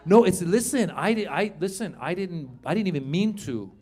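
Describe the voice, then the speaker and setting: A middle-aged man doing a stand-up comedy set on a theater stage, telling animated stories, acting out voices and chatting with the crowd. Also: a little high, slow, pauses often, a little hiss or hum. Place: theater stage before a live audience. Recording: live room with audience laughter.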